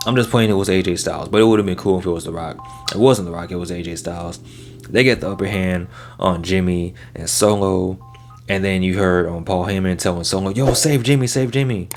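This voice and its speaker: A man hosting his own channel, giving a casual, slangy recap of a wrestling show. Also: low-pitched. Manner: laid-back and slangy, often drops "man" and "yo".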